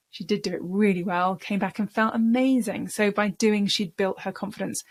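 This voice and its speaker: A woman speaking coach giving a lesson, explaining in a conversational way and repeating words for emphasis. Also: medium pitch. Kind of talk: talking-head coaching lesson.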